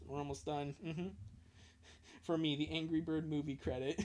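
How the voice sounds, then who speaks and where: A woman's voice: low-pitched, little pitch movement, moderate pace, a little mellow. A woman hosting a live fan-fiction reading, chatting casually, laughing often and swearing freely. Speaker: host reading a fan story aloud.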